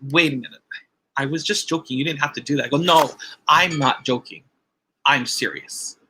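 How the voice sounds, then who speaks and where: Bright-voiced man telling a story. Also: fairly high pitch. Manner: storytelling, acts out quoted dialogue, repeats phrases. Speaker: church member giving testimony. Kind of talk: personal testimony at a ceremony.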